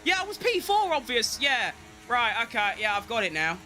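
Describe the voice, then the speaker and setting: A young man giving excitable live commentary on his own racing game, talking to himself and chanting while he drives. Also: very high-pitched, moderate pace, soft background music. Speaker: gaming streamer.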